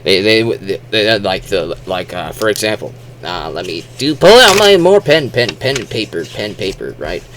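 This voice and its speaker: A man's voice: low-pitched, normal speed, hardly any pauses, a bit bright, slight background noise. A man giving casual spoken commentary as a video host, rambling with restarts and fillers. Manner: acts out silly exaggerated quotes.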